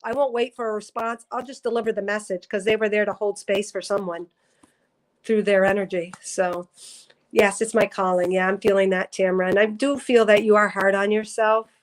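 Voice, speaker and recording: With a medium-pitched, steady voice, a woman psychic reads viewer comments a little fast during a casual spiritual livestream. She's earnest, emotional and teary, rambling and correcting herself, and the recording quality is low.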